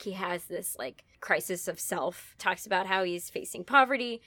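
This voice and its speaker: A woman in casual conversation, retelling a story in an animated way with playful asides. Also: lowish voice, normal speed, hardly any pauses, dry recording, studio quality. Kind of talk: casual literary discussion.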